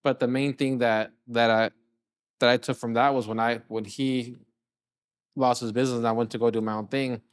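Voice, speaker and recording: His voice smooth and medium in pitch at a normal speed, a middle-aged Californian chef and restaurant owner chats as a guest on an interview show. He's an animated teller of casual stories who regularly acts out what people said. The recording is dry and studio quality.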